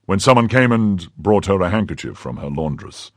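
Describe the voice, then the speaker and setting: A man voicing a loyal count who reports to his master in a brisk, confiding way. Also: low voice, very animated, no echo. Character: loyal male count, eager agent, brisk.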